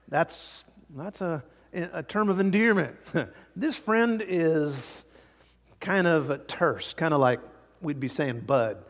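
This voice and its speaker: A man's voice: fairly high pitch, lively intonation, measured pace, in a large hall. A man preaching a sermon verse by verse, acting out the people he quotes and chuckling often. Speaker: pastor. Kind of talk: expository sermon.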